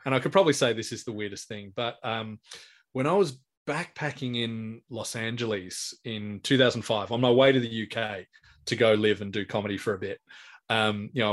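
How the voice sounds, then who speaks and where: A man in his forties with an Australian accent, telling anecdotes as a comedian guest in a casual interview, restarting his sentences often. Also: fairly low pitch. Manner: rambling anecdotal storyteller with many restarts.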